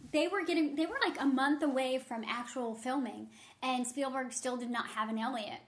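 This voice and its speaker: A woman's voice: high voice, normal speed. A woman co-hosting a podcast, chatting casually and telling a story with lots of fillers. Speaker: podcast co-host. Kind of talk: casual chat.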